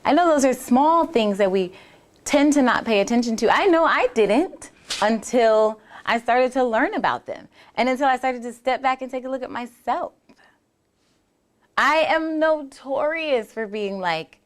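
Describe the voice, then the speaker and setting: In a high-pitched, expressive voice at a measured pace, a woman who does bodywork therapy muses on her podcast. Her reflective solo talk is earnest and chatty, with plenty of restarts as she performs the voices inside people's heads.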